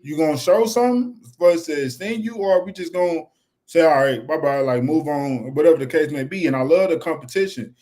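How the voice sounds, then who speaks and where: A young man with a fairly high, slightly fast voice co-hosts a fan show, chatting casually and animatedly. He keeps repeating "you know what I'm saying."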